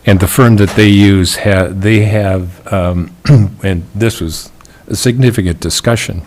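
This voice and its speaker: A county commissioner, a man, speaks in a fairly low voice. He talks slowly and haltingly, restarting phrases as he reasons aloud at a public meeting. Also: steady tone, darkish tone. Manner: slow, halting, thinking aloud.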